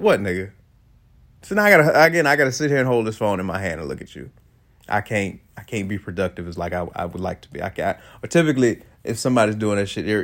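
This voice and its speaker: A man hosting his own show, delivering a casual, profane rant with sarcastic asides and frequent laughter. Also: on the low side. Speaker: solo talk host.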